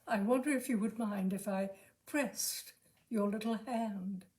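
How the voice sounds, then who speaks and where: A woman's voice: medium pitch, unhurried, a little mellow, lightly acted. A woman doing a simpering, smitten young gent. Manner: simpering, tremulous. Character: bashful, smitten young English gentleman.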